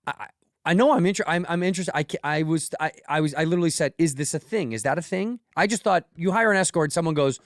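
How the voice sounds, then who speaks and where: A male podcast co-host with a slightly high voice, teasing and coaching in casual banter. He laughs often as he talks. The sound is dry and close. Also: fast talker, no echo.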